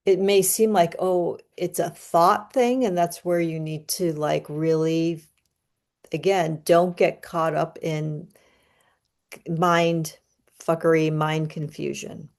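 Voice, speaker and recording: Woman, astrology reader; low voice, slow unhurried calm delivery. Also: creaky. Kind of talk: guided breathing and astrology talk.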